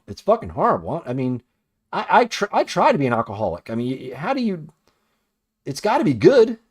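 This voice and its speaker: A man chats and mutters to himself as he paints, rambling from one thought to the next. He swears freely and grumbles at his own mistakes. His voice sits at an ordinary middle pitch for a man. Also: breathy edge. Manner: rambling, profane, self-critical muttering. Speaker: toy customizer. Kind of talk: casual painting vlog. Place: cluttered workroom.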